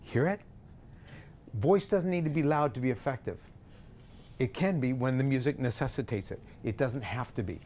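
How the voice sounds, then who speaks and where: A middle-aged man directing a choir, coaching vowels and pitch and singing example notes himself, with jokey asides. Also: animated, normal speed, long pauses, a little mellow, slight background noise. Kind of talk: vocal warm-up lesson. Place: rehearsal room with a choir.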